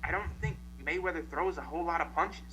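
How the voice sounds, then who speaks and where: A man's voice: a little high, fast, pushed and bright, slight background noise, poor audio. A tired man in a casual boxing chat, hesitant and full of fillers.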